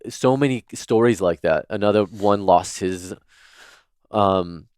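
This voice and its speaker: A man with a very deep, smooth, resonant voice tells stories as a podcast guest. He speaks in a chatty, earnest way full of filler words, and the dry close mic picks up no room. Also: slow pace, a little mellow, no room sound. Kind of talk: casual storytelling in interview.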